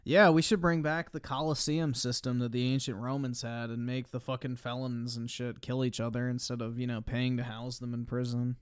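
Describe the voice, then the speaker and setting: A man commenting casually on a live stream, giving his opinions bluntly and offhand and swearing freely. His voice is smooth and clear at a middling pitch. He is recorded dry and close, with no room sound. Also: level tone, moderate pace, few pauses, dry recording. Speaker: streamer reacting to videos.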